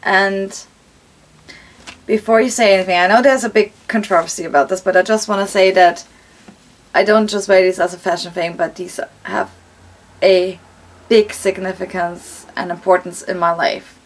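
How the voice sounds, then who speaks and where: A woman's voice: medium pitch, steady tone, normal speed. A young woman vlogger talking casually as she opens presents, chatty and gushing. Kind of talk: casual unboxing vlog.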